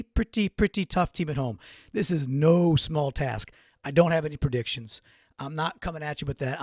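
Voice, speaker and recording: A man's voice: on the high side, dry recording, clean studio sound. A man hosting a solo sports recap podcast, talking in a casual, rambling way with restarts. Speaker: podcast host.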